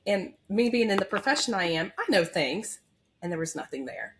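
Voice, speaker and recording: A woman's voice: mid-range voice, big pitch swings, normal speed, a little hiss or hum. A woman in her thirties, a nurse, telling her personal story as a podcast guest in a candid, heartfelt way with many fillers. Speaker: labor and delivery nurse. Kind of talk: emotional personal story in an interview.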